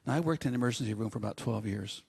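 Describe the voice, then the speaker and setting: Pastor, male, husky, sermon delivered as humorous storytelling. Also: mid-range voice, racing, a little mellow. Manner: humorous storytelling with acted asides.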